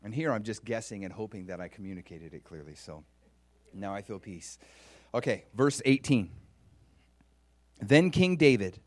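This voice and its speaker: A man's voice: lowish voice, moderate pace, long pauses, no echo. A man preaching a sermon, asking his listeners questions and acting out scripture with growing feeling. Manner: animated, acts out biblical speech with rising emotion; asks the audience questions and waits for answers. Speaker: pastor.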